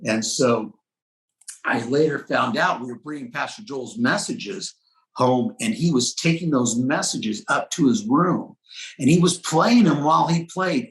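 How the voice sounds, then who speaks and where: A middle-aged man, a pastor, telling a personal testimony in earnest storytelling style in an interview. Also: medium pitch. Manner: earnest storytelling, quoting dialogue, shifting pace. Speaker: pastor, guest. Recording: roomy echo.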